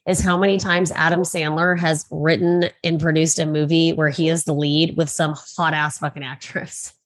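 Woman, slightly low voice, blunt and profane, casual podcast co-host. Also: level tone, moderate pace. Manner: blunt, swears freely. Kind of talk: casual chat.

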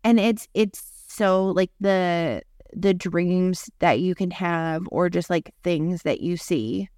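This woman speaks slowly in a fairly low, darkish voice, with clean studio audio and no room sound. As a podcast host, she shares a personal story casually and chattily, peppered with "like."

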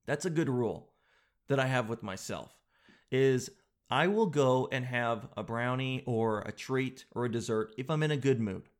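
A man's voice: medium pitch, moderate pace. A man rambles through a casual monologue as the host of a daily show. He jokes and mocks himself as he goes. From Canada. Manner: jokey, rambling, self-mocking.

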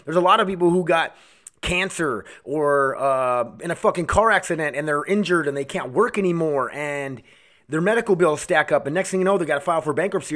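A slightly high, fairly bright-toned American man runs his own podcast from home and uses it for an angry monologue. He rants bluntly, swearing heavily throughout.

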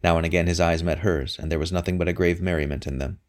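Male narrator with a very low voice, steady and measured storybook reading. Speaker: audiobook narrator. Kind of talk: scripted narration.

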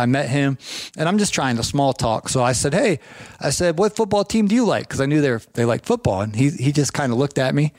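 A man who runs a lawn care business, telling rambling, animated anecdotes in casual chat. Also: mid-range voice, no echo, studio quality.

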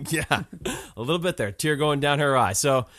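A man co-hosting a podcast in relaxed, slangy casual chat, laughing often. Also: on the high side, normal speed, dry recording, clean studio sound. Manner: laid-back, laughing, slangy. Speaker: podcast co-host.

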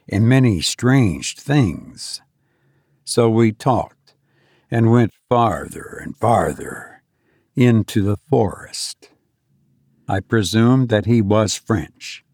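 Male narrator, first-person story reading. Measured, gravelly, dry close sound. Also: fairly low pitch, darkish tone, no room sound.

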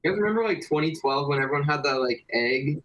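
A man's voice: on the high side, animated, fast talker, crowd noise, low-quality recording. A man guests on a podcast to talk about his band. He speaks in an easygoing, rambling way, hesitating often and searching for words. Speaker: guest, band singer and guitarist. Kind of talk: casual interview chat.

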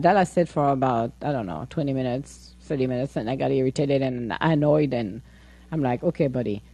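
A woman hosting a podcast, chatting casually and telling an animated story, laughing often and acting out her own replies. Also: low voice. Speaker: podcast host. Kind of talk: casual chat.

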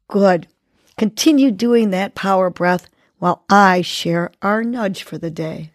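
A woman hosting a podcast, leading a breathing exercise and giving gentle, encouraging motivational words. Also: mid-range voice, no echo. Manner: gentle, encouraging, slow and deliberate. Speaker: podcast host. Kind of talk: guided breathing and motivational talk.

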